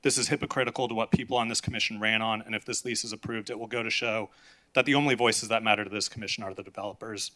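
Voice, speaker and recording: A man's voice: lowish voice, steady tone, fast, sharp tone. A young man giving an urgent, impassioned public comment at a city meeting, reading a prepared statement.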